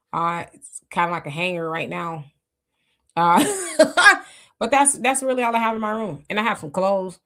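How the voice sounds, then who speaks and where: A middle-aged woman with a fairly low voice hosts a live stream, reading out viewer comments. She talks in a loose, reflective way, full of fillers and restarts. Her mouth sounds dry from fasting. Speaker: livestream host reading chat comments. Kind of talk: casual live talk.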